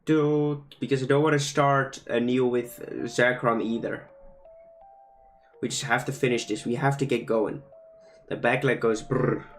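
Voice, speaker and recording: A man's voice: mid-range voice, steady tone, a little slow, soft background music. A young man casually chatting and joking with his chat as he draws live. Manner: playful, joking, reads chat aloud. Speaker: streamer drawing fan creatures live. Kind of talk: casual livestream chat while drawing.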